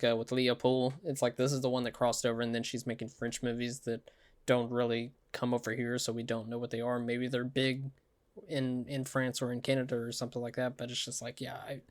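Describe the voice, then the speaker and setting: Podcast dude, average pitch, jokey and offhand. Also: male voice, little pitch movement, a little fast. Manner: joking, swears casually. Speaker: podcast co-host. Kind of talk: casual film podcast chat.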